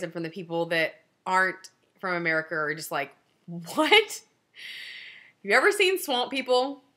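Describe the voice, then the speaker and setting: A woman in her forties with a Southern Louisiana accent, hosting a knitting video podcast in a fast, chatty way and laughing often. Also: fairly low pitch, sharp tone. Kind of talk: casual chat to camera.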